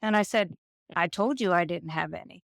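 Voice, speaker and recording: A woman in her fifties, a nurse, telling stories in an interview and acting out the people she quotes in an animated way. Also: lowish voice, normal speed, vocal fry, no room sound, studio quality. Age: 50s. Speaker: nurse and guest. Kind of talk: storytelling interview.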